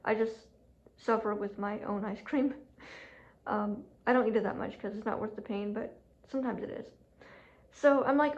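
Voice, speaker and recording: Brief: woman vlogger, rambling casual chat full of "like", higher voice, dull lo-fi sound with faint hum. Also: fairly quick, darkish tone. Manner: chatty, heavy use of "like", laughs often. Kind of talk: casual storytelling vlog. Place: home room with furnace running.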